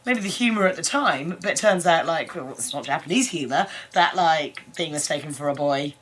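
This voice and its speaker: Woman, casual review chat, lively swooping pitch, acts out quotes. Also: a little fast, breathy edge. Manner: animated, acts out lines in high voices. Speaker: co-host of an anime review channel.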